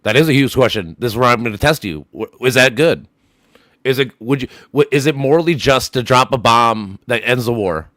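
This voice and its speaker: A man's voice: medium pitch, expressive, a little fast, a bit bright, no room sound, studio quality. A man streaming a casual voice chat, arguing heatedly, swearing often and repeating himself as he presses his point.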